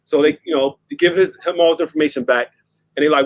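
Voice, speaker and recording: A man's voice: a little high, fast. A young man telling a story in a casual chat, full of fillers and restarts and laughing often. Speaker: discussion panelist.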